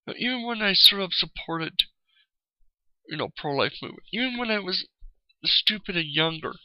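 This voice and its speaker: A man's voice: high-pitched, lively intonation, moderate pace, no room sound, highs cut off. Angry profane man ranting. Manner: heated, profane, repeats "you know". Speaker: vlogger. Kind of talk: angry ranting video commentary.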